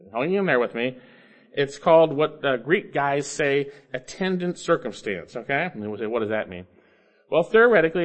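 Guy preaching a bible grammar sermon, bit high pitched, keeps pushing his point and checking you're with him. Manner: emphatic, asks rhetorical questions, coaxes listeners along; swings between loud stresses and low asides. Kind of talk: expository sermon.

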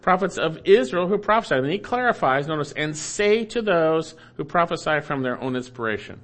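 Male pastor, slightly high voice, emphatic sermon delivery that repeats key lines. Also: lively intonation, brisk. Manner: emphatic preaching, repeats key phrases, swings loud and soft.

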